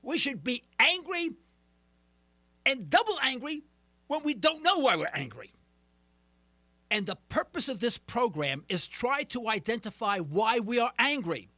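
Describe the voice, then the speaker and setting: A middle-aged male talk radio host delivers an emphatic, ranting monologue, now and then poking fun at himself. His voice sits very high and sounds bright and sharp, and his pitch swings widely. The studio sound is close and dry. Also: very animated, normal speed, no echo. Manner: emphatic, ranting, self-deprecating. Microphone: studio mic.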